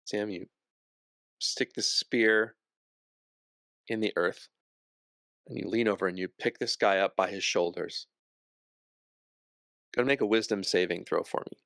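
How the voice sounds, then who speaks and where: A man narrating a tabletop game as game master, describing scenes slowly with pauses. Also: on the low side, gravelly, a bit bright, no room sound.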